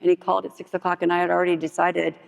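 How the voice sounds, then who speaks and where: A woman's voice: lowish voice, flat delivery, rapid-fire, vocal fry. A woman giving candid personal testimony in a chatty storytelling way at a meeting hall. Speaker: speaker at a recovery meeting. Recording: echoey hall, dull lo-fi sound.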